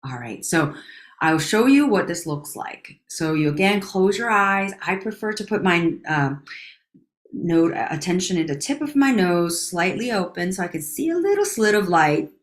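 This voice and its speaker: A woman leading a guided breathing exercise, counting breaths slowly and calmly, at times softening almost to a whisper. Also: fairly low pitch, echoey room. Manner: calm, slow counting of breaths, dropping to near whispers. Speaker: breathing instructor.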